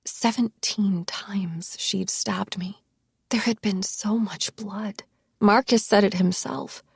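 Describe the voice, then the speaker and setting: A woman reading a first-person thriller audiobook in a hushed, tense, low-key manner. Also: fairly even intonation, takes it slowly, gravelly, breathy edge, no room sound, studio quality. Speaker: audiobook narrator.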